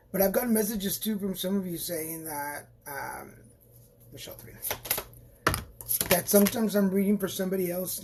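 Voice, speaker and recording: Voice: medium pitch, noisy background. Tarot reader, live-stream reading, chatty, rambling, reassuring, phone mic. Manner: chatty and rambling, with frequent restarts and playful asides; encouraging and reassuring toward viewers.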